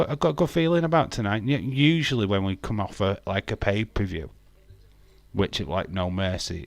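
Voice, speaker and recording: A man's voice: lowish voice, dry recording. Chatty man streaming. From England. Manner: chatty, laughing often, swearing, greeting chat viewers. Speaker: wrestling watch-along streamer. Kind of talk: casual live-stream chat.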